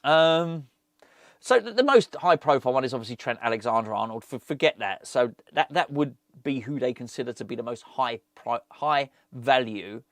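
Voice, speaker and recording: A man's voice: medium pitch, expressive, normal speed, fairly bright tone, no echo, studio quality. A middle-aged man, hosting a fan channel and chatting casually on his own with rambling, jokey asides. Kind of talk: casual solo football chat.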